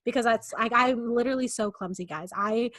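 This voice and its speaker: A woman's voice: a little high, fairly quick, fairly bright tone, dry recording. A young adult woman co-hosting a podcast, telling a rambling, self-mocking story in a casual chat. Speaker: podcast co-host.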